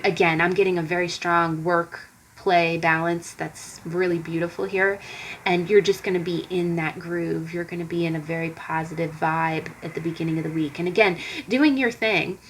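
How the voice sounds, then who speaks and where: A woman's voice: on the low side, slight background noise, rough recording. A woman giving a casual tarot reading straight to her viewers, rambling and conversational with lots of fillers and restarts. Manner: rambling and conversational, many fillers and repeated starts; speaks directly to viewers. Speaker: tarot card reader.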